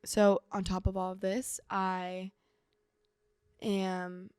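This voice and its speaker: A woman's voice: medium pitch, completely flat delivery, slow pace, darkish tone, clear, resonant tone, dry recording, studio quality. A young woman talking as a podcast guest, earnestly recounting her school struggles and acting out her old thoughts. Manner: earnest, acts out her own past thoughts in quotes. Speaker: podcast guest, host's sister. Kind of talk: casual chat.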